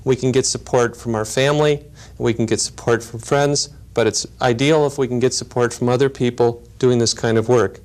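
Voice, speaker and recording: Guy giving a calm lecture, explains things step by step, middle pitch, tells little stories. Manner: measured, explanatory, storytelling asides. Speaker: lecturer on grief and helping work. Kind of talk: recorded teaching lecture.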